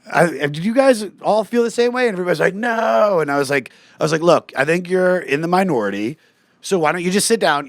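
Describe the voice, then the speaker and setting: A comedian guesting on a casual podcast chat tells stories animatedly, acting out quoted lines in a raised voice. His voice is a little high, and the recording is dry.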